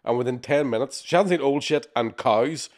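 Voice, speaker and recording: A man co-hosting a podcast, telling animated, sweary anecdotes with acted-out quotes. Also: medium pitch, moderate pace. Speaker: podcast co-host. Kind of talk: casual storytelling chat.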